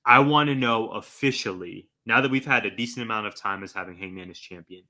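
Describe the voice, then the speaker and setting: A man hosting a casual podcast, plugging the channel and leading his co-host through questions. His voice sits low yet sounds bright and clear. He keeps a steady, easygoing host's manner. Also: fast. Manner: steady, asks questions, reads tweets aloud. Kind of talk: casual chat with listener plugs.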